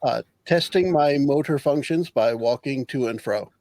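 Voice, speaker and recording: A man voicing a calm male warforged robot who speaks in flat, formal phrases. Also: medium pitch, normal speed, no room sound, natural voice. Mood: deadpan.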